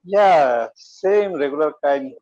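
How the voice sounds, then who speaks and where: Middle-aged guy on a video call, halting english, lots of uh pauses, muffled call sound. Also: a little high, lively intonation, background noise. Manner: hesitant, halting learner English with fillers. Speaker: English learner. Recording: dull lo-fi call audio.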